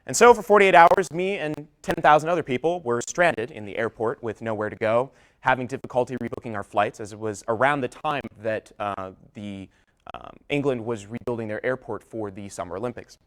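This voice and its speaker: A young man giving a public talk, telling a personal story, whose voice trails off low at the ends of his sentences. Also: a little fast. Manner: storytelling with shifting volume, drops low at line ends. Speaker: public speaker.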